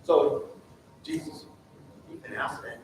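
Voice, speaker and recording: A man teaching a Sunday school lesson in a church, in a preacherly call-and-response way that throws questions to the class. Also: measured pace. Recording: very echoey church room from far off.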